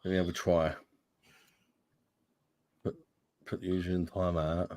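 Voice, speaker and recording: A man joins a livestream for a relaxed, chatty conversation, and he often asks questions. His voice sits fairly low, and the recording sounds dry and close, with little room. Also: measured pace, no room sound. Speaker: stream guest. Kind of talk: casual chat.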